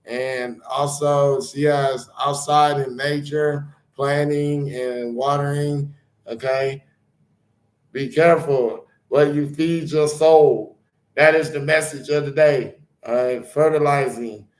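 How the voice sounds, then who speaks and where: A man's voice: a little high, fairly even intonation, slow pace, reverberant, poor audio. A man hosting his own spiritual channel, talking loosely and rambling between card readings and chanted blessings.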